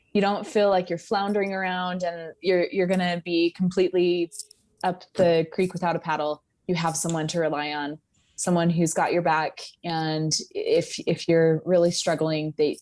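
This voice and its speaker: A woman speaking casually as a podcast guest, reassuring and unhurried. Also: fairly low pitch, a little mellow.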